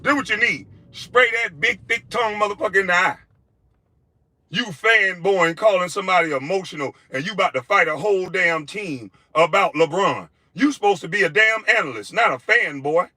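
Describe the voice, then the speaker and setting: Furious high-voiced man ranting. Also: moderate pace, pushed and bright, dry recording. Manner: heated, insulting, profane. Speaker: former pro basketball player. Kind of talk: angry video rant.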